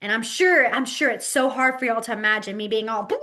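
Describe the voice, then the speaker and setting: A woman teaching a beginners' sign language class over a webcam, giggly and lively, acting out her examples with her voice. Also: a little high, fairly quick. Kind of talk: online class instruction. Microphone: webcam mic on a video call.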